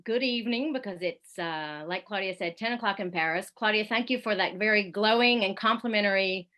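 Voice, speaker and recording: A woman, a radio correspondent, telling a lively story over a video call, full of fillers and asides. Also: medium pitch, brisk. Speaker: radio correspondent giving a talk. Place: home in Paris, at night.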